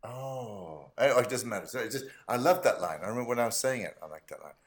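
A male voice actor as a podcast guest, chatting casually and telling stories with animated delivery. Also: mid-range voice, fast talker. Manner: animated storyteller, acting out quotes.

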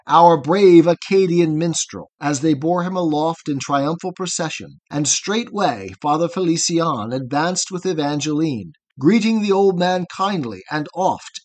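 Man reading verse in a measured rhythm. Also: a little high. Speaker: audiobook narrator. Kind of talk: scripted narration of a poem.

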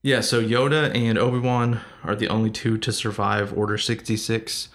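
A man's voice: lowish voice, little pitch movement, moderate pace, fairly bright tone. Man recapping a plot casually. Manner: recaps plot, laughs easily. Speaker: podcast co-host. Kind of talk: casual chat.

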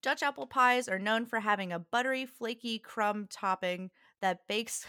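A woman's voice: fairly high pitch, normal speed, pushed and bright, clean tone, no echo, studio quality. A young woman co-hosting a casual podcast chat, reading from notes with frequent giggles. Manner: giggly, reads aloud from notes. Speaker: podcast co-host.

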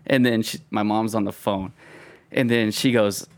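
A man's voice: lowish voice, normal speed, clean tone. A young man in casual chat, telling a school story with lots of swearing and laughter. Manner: animated storyteller, laughs a lot, swears freely.

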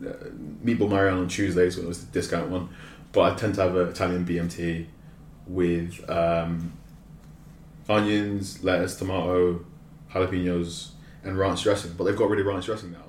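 A man's voice: low voice, flat delivery, moderate pace, darkish tone, slight background noise. A man chatting casually as a podcast co-host, rambling and self-mocking. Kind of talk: casual chat. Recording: roomy echo.

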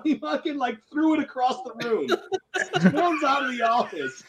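A man, a retired Air Force NCO, telling old stories to friends in a lively, laughing, swearing way. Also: extremely high pitch, moderate pace, low-quality recording. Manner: animated, laughing, swearing, acting out quotes. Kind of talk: casual storytelling among old friends.

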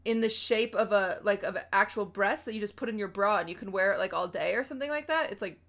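Young woman, chatty co-host, bright voice, animated storyteller. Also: mid-range voice, quick pace. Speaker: podcast co-host. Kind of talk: casual chat.

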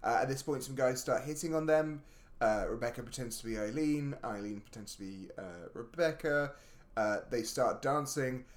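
A man's voice: medium pitch, moderate pace. A man co-hosting a podcast, recapping a film plot in casual chat with wry jokes. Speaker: podcast co-host.

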